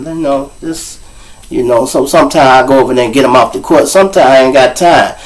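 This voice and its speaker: Brief: Chicago host, comic storyteller, swinging pitch, swears freely. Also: male voice, fairly quick, rough recording. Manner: profane, animated, acts out voices. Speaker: show host.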